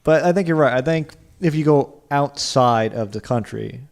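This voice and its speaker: Co-hosting a car podcast, a man chats casually at a moderate pace in a medium-pitched voice with vocal fry. He rambles, says "like" constantly, and slips into silly accents.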